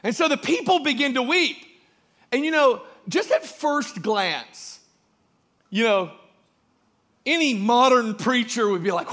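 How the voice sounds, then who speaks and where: High, bright-voiced preacher. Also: male voice, big pitch swings, slow, pauses often. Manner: swings from quiet asides to shouted preaching; joking, laughs with the congregation. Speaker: pastor. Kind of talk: sermon.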